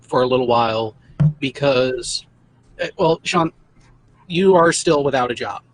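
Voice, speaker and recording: A man hosting a casual livestream chat who explains things in a measured way, with hesitant fillers. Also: medium pitch, a little hiss or hum, rough recording.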